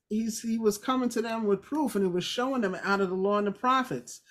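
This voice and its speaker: A woman's voice: fairly high pitch, fairly quick, hardly any pauses. A woman teaching scripture in an informal, emphatic, conversational way, with playful asides. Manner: conversational, emphatic, acts out quotes. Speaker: Bible study teacher.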